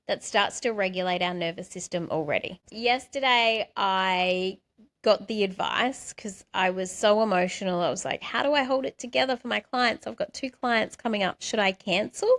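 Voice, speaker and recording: A middle-aged woman life coach talking gently to camera, guiding listeners with soft, slow, reassuring words. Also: medium pitch. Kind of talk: gentle self-help talk to camera.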